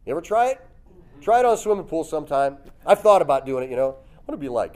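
A man preaching a sermon, telling the story lively, acting out voices and chuckling often. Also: on the high side, fast. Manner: lively storytelling, acts out voices with loud jumps.

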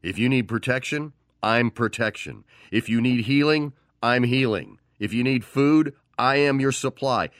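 A man's voice: on the low side, no room sound, studio quality. A man preaching a sermon, who tells the story with animation and acts out the voices of the people in it.

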